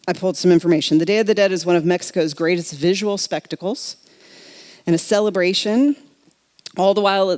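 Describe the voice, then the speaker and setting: A woman's voice: on the low side, mellow. A middle-aged woman minister preaching a sermon in a reflective, conversational way, speaking directly to her congregation. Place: church sanctuary.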